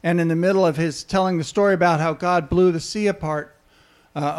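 A man delivers a sermon in a high-pitched voice. He keeps it conversational and often turns to his listeners with questions. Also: fairly even intonation, normal speed. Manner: conversational, asks the audience questions. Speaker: preacher.

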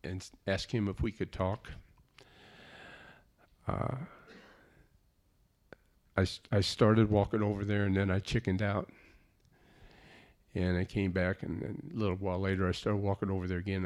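A man's voice: low-pitched, flat delivery, normal speed, pauses often, darkish tone. A man telling a personal testimony in an earnest, plainspoken storytelling way. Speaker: speaker giving a personal testimony.

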